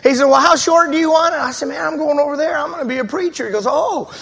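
A man preaching, telling his testimony as a lively story, acting out the voices of the people in it. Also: extremely high pitch, quick pace, gravelly, long reverb tail. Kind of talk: storytelling sermon.

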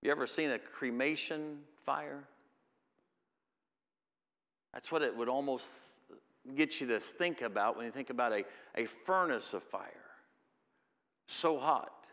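A middle-aged man preaching a sermon, reading scripture slowly and building to loud, emphatic peaks. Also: mid-range voice. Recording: long reverb of a hall.

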